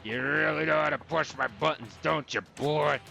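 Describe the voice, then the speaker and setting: A man's voice: mid-range voice, lively intonation, moderate pace, vocal fry, bright, forceful tone, full character voice. A man reading out the lines of a boastful, ruthless male billionaire gambling boss from a video game, in a taunting, cocky manner.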